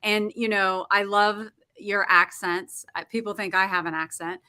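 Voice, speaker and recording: A woman hosting a casual interview show, bubbly and quick to laugh. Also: mid-range voice, steady tone, pushed and bright, clean tone. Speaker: show host.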